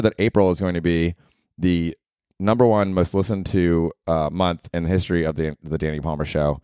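A man's voice: sits low, animated, moderate pace, darkish tone, smooth, no echo, clean studio sound. A young man hosting a solo comedy podcast, rambling and joking in slang. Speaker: podcast host.

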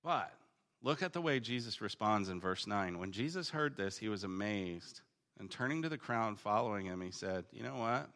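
A man teaching through a Bible passage in a casual, conversational way, paraphrasing the text in slangy voices and swinging between emphatic bursts and quiet reading. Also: on the low side, expressive, normal speed. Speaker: preacher teaching on the Gospel of Luke.

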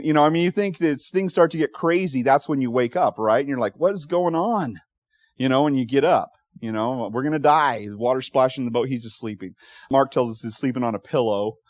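A male pastor preaching a sermon, telling stories with animated quoted voices and frequent laughs. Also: medium pitch, no echo, studio quality. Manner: animated storytelling, laughs often, acts out quotes.

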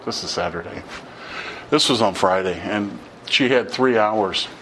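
A man's voice: on the low side, measured pace, fairly bright tone, slight background noise. A middle-aged man giving an informal sermon, telling stories in a conversational way and acting out the dialogue. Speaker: preacher.

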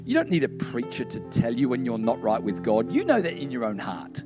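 A man, a pastor giving a sermon with personal stories, talking conversationally and turning hushed toward the close. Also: medium pitch, huge pitch swings, a little fast, over music.

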